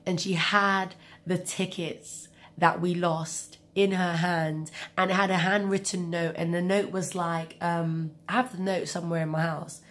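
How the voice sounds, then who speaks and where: A woman's voice: fairly low pitch, flat delivery, unhurried, a bit bright. Chatty woman with a cold. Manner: chatty, rambling with asides. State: has a cold, coughing. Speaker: vlogger. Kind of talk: casual storytelling.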